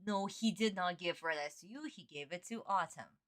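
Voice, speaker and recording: Hushed, exasperated woman streamer, bright tone. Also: lowish voice, moderate pace. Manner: exasperated, swearing, keeping her voice hushed. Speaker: streamer reacting to an anime dub. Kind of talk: casual reaction commentary.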